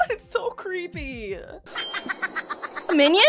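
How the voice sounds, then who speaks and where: A young woman hosting a reaction video, reacting excitably to scary clips with shrieks and laughs. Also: sits high, moderate pace. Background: music from the clips.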